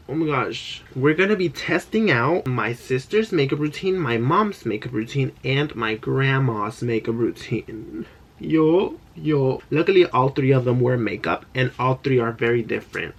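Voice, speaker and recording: A man's voice: medium pitch, moderate pace, creaky. Bubbly young man chatting to camera. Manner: chatty, bubbly, jumps between tangents. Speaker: beauty vlogger. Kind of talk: casual vlog chat.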